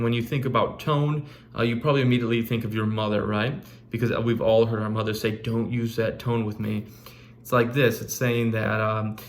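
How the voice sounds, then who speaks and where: A man teaching a recorded literature lesson in a casual way, with frequent fillers and restarts. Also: mid-range voice. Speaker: English teacher.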